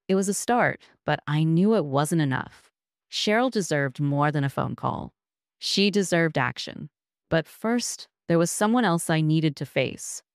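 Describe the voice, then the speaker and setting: A woman narrating a first-person story in a measured, reflective way. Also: low-pitched, no echo, clean studio sound.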